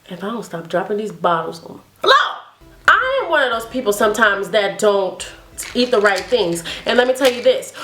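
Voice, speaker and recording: A woman's voice: a little high, noisy background. Chatty woman vlogging in an echoey room. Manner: chatty, upbeat and encouraging. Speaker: hair care vlogger. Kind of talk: casual vlog talk to camera.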